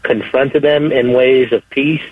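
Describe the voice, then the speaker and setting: A man calling in to a radio show, earnest and halting, often repeating himself as he gives his testimony. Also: mid-range voice, fairly even intonation, slightly rough, no room sound. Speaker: caller. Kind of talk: call-in testimony. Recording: dry tinny phone line.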